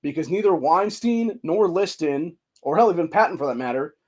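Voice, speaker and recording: A man's voice: a little high, animated, moderate pace, a little mellow. Profane ranting man. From Ohio. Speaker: podcast host. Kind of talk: angry political rant. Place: studio.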